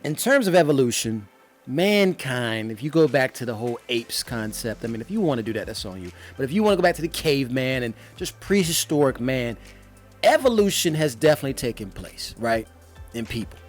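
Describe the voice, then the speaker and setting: A man's voice: mid-range voice, very animated, fairly quick, faint music behind. A young man hosting his own vlog from home, talking straight to viewers in a loose, slangy, conversational way. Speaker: vlog host. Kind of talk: casual talk to camera. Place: home room, indoors.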